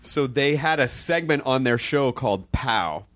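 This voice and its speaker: A man's voice: mid-range voice, animated, unhurried, a bit bright. A man from the United States hosting a casual chat, telling stories animatedly and laughing often. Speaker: host.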